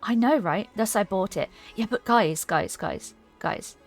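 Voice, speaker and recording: A woman's voice: mid-range voice, expressive, measured pace, soft background music. A woman streaming a game, chatting casually and giggling while she reads chat aloud.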